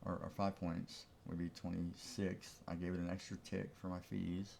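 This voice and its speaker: A man's voice: low-pitched, flat delivery, normal speed, creaky, darkish tone, slight background noise. A man giving casual live-stream commentary on his trades, thinking aloud in an easygoing way. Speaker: trading streamer.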